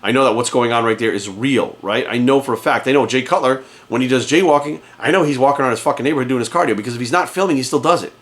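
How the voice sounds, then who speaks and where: A man's voice: medium pitch, rapid-fire, few pauses, a bit bright. A man working as a fitness coach, ranting to camera in his office with heated, profane emphasis. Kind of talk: casual rant to camera. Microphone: camera in front of him.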